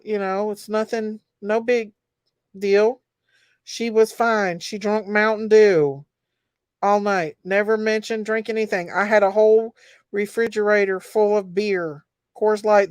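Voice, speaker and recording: Smooth-voiced woman chatting on a livestream. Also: mid-range voice, dry recording, studio quality. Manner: chatty, emotional, greets viewers by name. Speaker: livestream host. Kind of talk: casual livestream chat reading comments.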